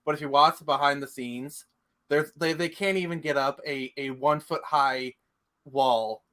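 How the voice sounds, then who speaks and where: A man's voice: medium pitch, unhurried, fairly bright tone. A young man co-hosting a casual movie podcast, chatty and full of trivia, laughing easily. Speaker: podcast co-host. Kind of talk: casual movie review chat.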